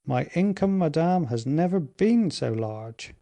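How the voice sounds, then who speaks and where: A man's voice: a little high, lively intonation, measured pace, gravelly, warm tone, pitched above the performer's own voice. A man reading the lines of a young lovesick duke who speaks eagerly and with passion. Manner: eager and impassioned.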